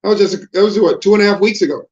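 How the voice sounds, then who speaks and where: A man's voice: sits high, very fast, darkish tone. A man preaching a sermon with passion, asking rhetorical questions and repeating his words as he builds a point. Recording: dull lo-fi broadcast audio.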